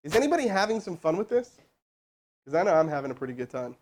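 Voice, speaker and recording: A man hosting a live stream, teaching cold calling and rallying viewers in the chat in a loud, animated way. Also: on the high side, quick pace. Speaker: host doing live sales calls.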